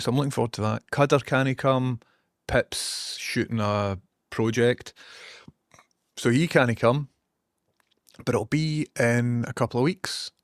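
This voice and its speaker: A Scottish streamer chats casually from a cramped basement, wandering between topics, swearing here and there and reading out what viewers send. He has a fairly low voice, with clean studio-style sound and no echo.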